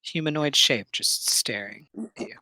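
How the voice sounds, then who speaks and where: A game master narrating a tabletop game and laying out each creepy detail slowly, with pauses between the beats. The voice sits at an ordinary pitch and is recorded dry and close, with no room around it. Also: expressive, sharp tone, dry recording, low-quality recording. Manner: slow, suspenseful scene-setting with pauses.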